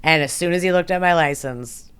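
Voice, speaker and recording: A woman guest on a podcast, telling her story in casual chat, animated and profane, laughing often and acting out what people said. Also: on the low side, brisk, clear, resonant tone.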